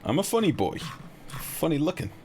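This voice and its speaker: A man's voice: on the high side, sing-song, normal speed, darkish tone, a little hiss or hum. A man live-streaming a game, joking and teasing his chat in playful banter.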